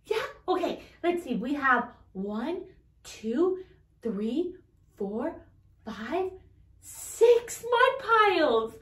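High, lively woman teaching toddlers. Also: drawn-out words, recorded from a distance. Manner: sing-song, coaxing questions to children; imitates animal sounds. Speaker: children's teacher. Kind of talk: toddler learning video. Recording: echoey room, voice off-mic.

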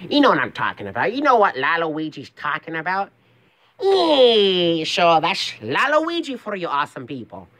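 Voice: medium pitch, wildly swooping pitch, moderate pace, a bit bright. A young man voicing a smug, lanky cartoon villain who hums to himself.

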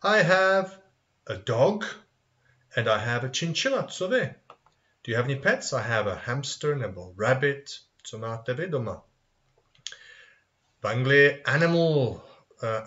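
A man teaching a children's English review lesson, modelling phrases and answering his own questions in a sing-song, animated way. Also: medium pitch, a little slow. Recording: dull lo-fi recording.

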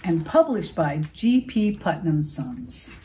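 A woman librarian reads a children's picture book aloud at an unhurried pace. Her voice moves a lot in pitch, and she pauses to ask her young listeners questions. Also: slight background noise, poor audio. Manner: expressive, asks children questions.

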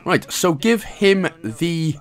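Welsh guy doing a game walkthrough, kinda high voice, jokes around and chuckles between steps. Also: big pitch swings, slow. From Wales. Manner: jokey, chuckling asides between instructions. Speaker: gaming guide host.

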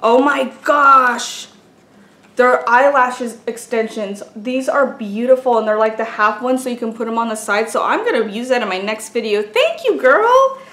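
A woman's voice: fairly high pitch, fairly even intonation, brisk, few pauses, fairly bright tone. A woman chatting casually as she unboxes gifts for a vlog, gushing and exclaiming over each item. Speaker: beauty and craft vlogger. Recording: echoey room with faint noise.

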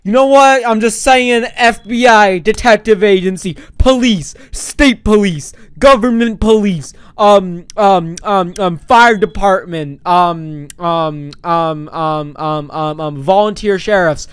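A young man with a high, smooth voice rambles playfully over his gameplay. He jokes around and bursts out loud at times, recorded dry and close on a desk mic. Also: slow, hardly any pauses, no room sound. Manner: goofy, rambling, playful, sudden loud outbursts. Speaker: gaming YouTuber. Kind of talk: let's play commentary. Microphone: desk microphone.

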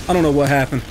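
Young man, gaming commentary, trash-talking, excitable, slightly high voice. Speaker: gaming channel host. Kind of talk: live game commentary. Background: game music.

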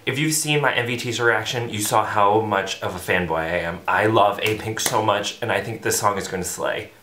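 A man's voice: fairly low pitch, fairly quick, bright, forceful tone, slight background noise. A man hosting a reaction video, gushing with breathless fanboy exclamations as he reacts to a music video. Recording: roomy echo with faint music.

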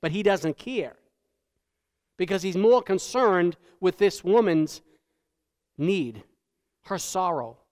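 High-voiced preacher in a reverberant church. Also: male voice, animated, takes it slowly, pauses often. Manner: emphatic, swings between loud peaks and hushed lows. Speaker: pastor. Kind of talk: sermon. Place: church sanctuary. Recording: long church hall reverb.

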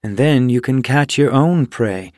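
A man's voice: medium pitch, animated, a little slow, darkish tone, dry recording, clean studio sound, close to an everyday voice. A man voicing a small, friendly female cat in an audiobook, cheerful and encouraging. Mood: warm. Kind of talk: audiobook character voice.

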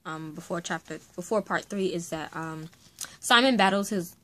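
A woman's voice: fairly low pitch, moderate pace, a bit bright. A woman vlogging about a book she is reading, chatty and enthusiastic with lots of fillers. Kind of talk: casual reading vlog chat.

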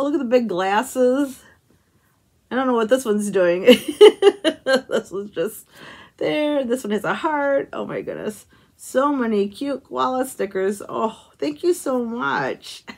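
A woman's voice: on the high side, lively intonation, unhurried, creaky. A woman hosting a craft channel, chatting casually to camera as she opens handmade cards and stickers, gushing and exclaiming often with little chuckles. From United States. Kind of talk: casual unboxing chat to camera.

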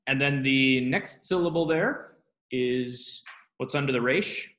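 A man's voice: medium pitch, slow, a bit bright. A man teaches a class in an ordinary mid-range voice, walking through each point patiently. He keeps checking in with questions to the room. The classroom echo rings around him. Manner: explanatory, asks students questions.

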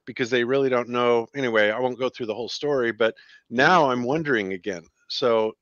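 A man's voice: mid-range voice, fairly quick, fairly bright tone, no room sound. Casual guy hosting a quiz stream, easygoing, kinda muffled lo-fi audio. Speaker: quiz host on a livestream. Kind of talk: casual livestream chat.

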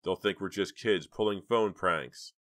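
A man's voice: low voice, measured pace, fairly bright tone, no room sound, clean studio sound, voice pushed up. A man voicing a stubborn teenage boy who talks firmly and insistently. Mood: determined. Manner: firm, insistent.

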